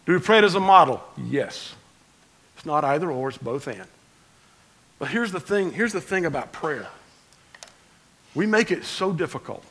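A pastor delivers a sermon in a talky, conversational way. His voice is fairly high for a man and bright, rising to loud emphasis, then dropping to soft asides. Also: lively intonation, normal speed, long pauses, breathy edge, low-quality recording. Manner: conversational preaching, swinging between loud emphasis and quiet asides.

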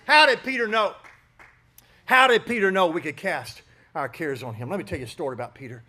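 Male preacher, high voice, fervent delivery, names people in the pews. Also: expressive, fairly quick. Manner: fervent, swings from shouting to hushed asides, calls out listeners by name. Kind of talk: sermon.

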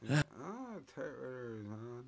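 A man co-hosting a podcast, rambling in slow, mumbled casual talk. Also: mid-range voice, big pitch swings, creaky, crowd noise. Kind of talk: casual chat.

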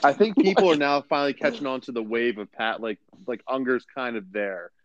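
A man's voice: medium pitch, fairly quick, no echo, lo-fi sound. A young man co-hosting a podcast, ranting casually with exasperation, swearing and quoting others. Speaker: podcast co-host. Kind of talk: casual chat.

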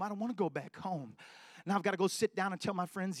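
A man preaching a personal testimony, telling his story and building to loud, emphatic preaching. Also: high-pitched, fast talker, dry recording, studio quality. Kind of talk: sermon testimony.

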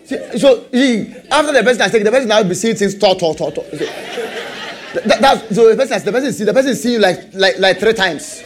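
A man preaching a sermon, animated, repeating rhetorical questions and laughing often. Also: sits high, a little fast, some chatter behind.

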